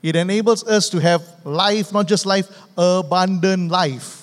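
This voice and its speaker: A man's voice: high-pitched, a little slow. A man, preaching a sermon as pastor, emphatic and repetitive, calling out for amens. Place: church sanctuary. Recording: long reverb of a church hall.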